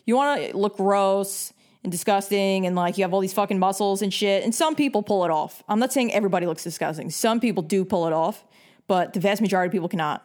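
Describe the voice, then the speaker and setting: A woman's voice: medium pitch, quick pace, a little mellow. A young woman from New York giving blunt, bossy advice in a casual rant full of swearing. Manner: blunt and heavily profane; bossy, lecturing.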